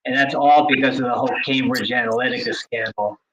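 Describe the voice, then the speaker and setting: A man's voice: medium pitch, steady tone, fast talker, creaky, over a noisy crowd, low-quality recording. A man co-hosting a podcast, who also teaches drums, chatting casually with many filler likes and restarts. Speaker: podcast co-host; drum teacher.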